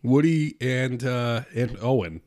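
A man co-hosting a comedy podcast in casual chat. He jokes and riffs playfully, with a mid-pitched voice. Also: slow, a little mellow. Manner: joking, playful riffing. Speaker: podcast co-host.

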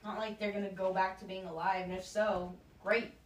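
A woman's voice: mid-range voice, level tone, fairly quick. A woman offers casual, wry remarks in reaction to a reading. She sits away from the microphone, so her voice sounds roomy and distant, with faint background noise. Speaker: listener commenting.

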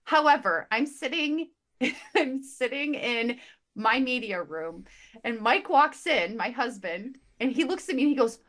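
A woman on a podcast panel talking about books she loved, gushing and emotionally expressive, often restarting and repeating words as she goes. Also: fairly high pitch, a little slow. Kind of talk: casual book chat.

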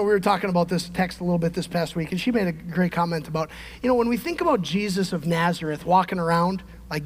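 A middle-aged male pastor preaching a sermon, emphatic, swinging from shouted peaks to quiet conversational asides. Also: high-pitched. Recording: long hall reverb.

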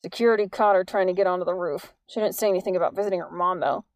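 A woman's voice: on the low side, fairly even intonation, racing, no echo, natural voice. A woman voicing a suspicious middle-aged man at a hospital front desk who asks curt, probing questions.

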